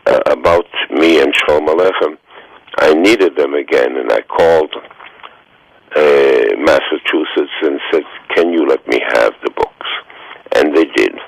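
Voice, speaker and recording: Gravelly, very deep man in his nineties. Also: no echo, low-quality recording. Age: 90s. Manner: slow, halting storytelling with many fillers. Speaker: guest. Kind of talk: radio interview.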